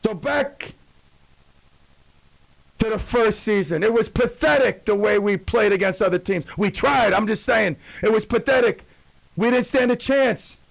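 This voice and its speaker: A man hosting a radio show, ranting loudly about his softball team and mocking whiners in a wailing voice. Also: high voice, measured pace, creaky, poor audio. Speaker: radio host and softball coach. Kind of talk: animated radio monologue.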